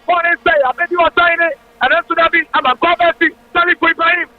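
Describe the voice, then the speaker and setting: A man giving excited live football commentary on radio, calling out player names in quick play-by-play. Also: very high voice, no room sound. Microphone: radio studio mic. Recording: tinny radio broadcast line.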